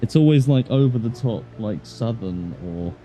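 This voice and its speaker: A man's voice: mid-range voice, animated, moderate pace, warm tone, soft background music. An English man streaming a game, chatting casually and joking to himself as he plays. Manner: chatty, joking, talks to himself while playing. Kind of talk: casual gameplay chat.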